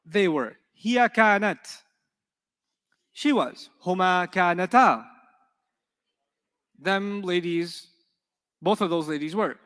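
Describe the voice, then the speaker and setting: A man's voice: high voice, slow, long pauses, a bit bright. A man teaching an Arabic class in a conversational, encouraging way, often asking his students questions. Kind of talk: classroom lecture. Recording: long hall reverb.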